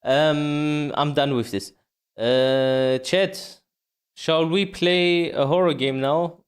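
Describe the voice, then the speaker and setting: A man's voice: on the high side, steady tone, takes it slowly, clear, resonant tone. A male streamer reacting casually to a video, talking to his chat in slangy, amused remarks.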